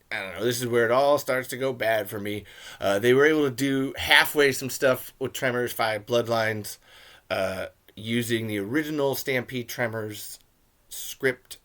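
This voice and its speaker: A man's voice: lowish voice, a bit bright. A young man hosting a casual movie commentary podcast, ranting with sarcastic, profane asides. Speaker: podcast host.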